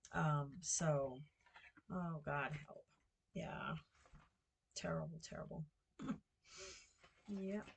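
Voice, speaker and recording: An older American woman talks in a slow, unhurried drawl with a lowish voice. She rambles from one thing to the next at home, full of ums and self-corrections, like a casual vlog chat. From United States. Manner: chatty, meandering, self-correcting with many fillers. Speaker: vlogger and guesthouse host.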